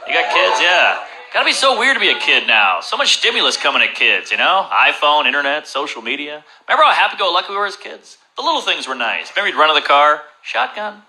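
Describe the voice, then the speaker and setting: A man performing a stand-up comedy set with deadpan dark one-liners and questions to the crowd, on a club stage. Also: fairly high pitch, fast talker, low-quality recording. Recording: loud background noise.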